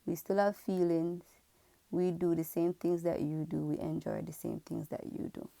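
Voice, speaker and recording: Frank, gravelly-voiced woman from Jamaica. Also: on the low side, fairly even intonation, normal speed, mellow. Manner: earnest, reflective, frank. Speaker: pharmacist. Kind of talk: candid personal storytelling to camera.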